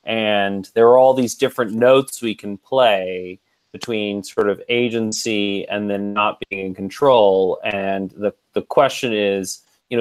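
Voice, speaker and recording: A man hosts a casual book club call, working through his ideas aloud in a thoughtful, unhurried way. He laughs easily between points. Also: fairly low pitch. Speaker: podcast host. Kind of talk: casual group discussion.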